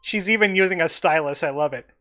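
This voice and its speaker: A woman streaming a video game, commenting in a playful, animated way. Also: low-pitched, fast, a little hiss or hum.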